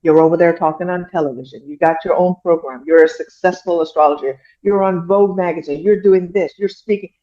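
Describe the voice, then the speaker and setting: A woman's voice: on the low side, a little fast, few pauses, dark tone. A middle-aged woman from an Iranian American background, a guest telling a story in casual chat and acting out what other people said. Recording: muffled dull audio.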